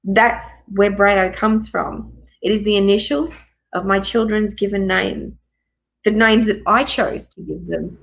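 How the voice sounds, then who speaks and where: A woman's voice: mid-range voice, steady tone, a little slow, fairly bright tone, low-quality recording. A middle-aged woman telling her own story as a guest, emphatic and repeating key phrases for force. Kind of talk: personal testimony in a live chat.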